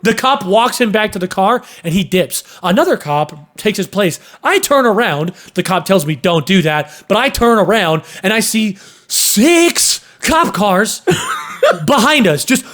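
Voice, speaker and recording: A young man casually telling a story on a podcast, animated, cursing and acting out sounds and voices. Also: high-pitched, unhurried. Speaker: podcast host.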